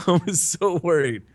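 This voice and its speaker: A young man talks in loose, casual chat, his pitch swinging high and low as he gets caught up in a story. He swears freely and often laughs mid-sentence.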